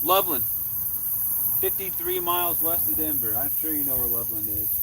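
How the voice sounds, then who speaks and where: A man's voice: a little high, animated, brisk, bright, forceful tone, far from the mic, slight background noise. A man casually chatting on a night fishing livestream outdoors, easygoing and talkative. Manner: easygoing, chatty, says man and bro a lot.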